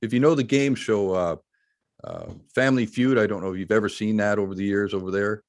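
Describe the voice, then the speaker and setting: Host, male, lowish voice, dry close sound, animated storyteller. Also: fairly quick, no room sound. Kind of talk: interview storytelling.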